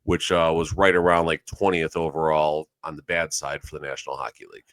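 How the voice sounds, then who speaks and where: Super deep voiced guy rambling thru hockey stats, fixes himself a lot, dry close sound. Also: little pitch movement, fairly quick, a bit bright, no room sound. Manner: rambling, self-correcting. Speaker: podcast co-host. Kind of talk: casual sports chat.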